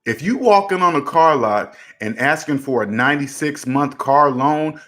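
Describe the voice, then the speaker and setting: A man hosts a personal finance talk, speaking casually but with preachy insistence. His voice sits a bit high, and he hammers each point by saying it twice. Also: animated, normal speed, hardly any pauses, a bit bright. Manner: emphatic and repetitive, preachy, drives points home. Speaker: personal finance channel host. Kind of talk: casual commentary to camera.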